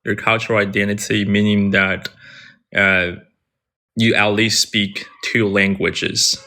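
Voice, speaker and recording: A man's voice: lowish voice, flat delivery, slow pace, sharp tone. A man with a Chinese accent, chatting casually as an English conversation partner on a livestream, hesitant and agreeable. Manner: hesitant, many restarts and fillers, agreeable. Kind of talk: casual livestream chat mixing English and Mandarin.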